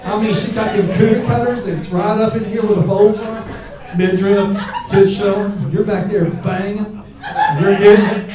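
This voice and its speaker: A man's voice: high-pitched, steady tone, moderate pace, a crowd in the background. A man from Alabama, doing a crude, brash stand-up set on a club stage with a handheld mic. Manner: crude, brash, shouting punchlines. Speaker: stand-up comedian. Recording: roomy club sound from far off.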